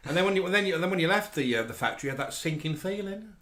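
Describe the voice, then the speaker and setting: A man, co-hosting a casual live show and chiming in with quick puns. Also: sits high, lively intonation, a bit bright. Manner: quick punning quips. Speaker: co-host of a live online show. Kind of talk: casual chat.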